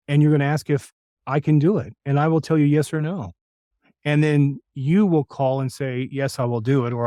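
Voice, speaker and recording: A man imitating an older male voice-over star with a smooth, deliberate announcer delivery that is both genial and menacing, in a dry room. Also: medium pitch, warm tone, no room sound, lightly acted.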